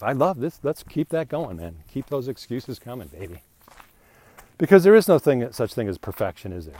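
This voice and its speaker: A man's voice: on the low side, darkish tone, breathy edge. A man hosting a podcast, rambling in a joking, self-mocking way while walking outdoors. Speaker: podcast host. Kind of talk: casual rambling monologue. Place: outdoors, walking near a new bridge.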